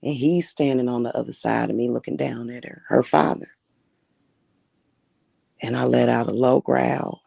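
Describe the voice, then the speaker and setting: Woman, spiritual-reader host on a livestream; gravelly, mid-pitched voice, dry close sound, blunt and profane delivery. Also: steady tone, normal speed, long pauses, warm tone, no room sound. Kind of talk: casual livestream storytelling.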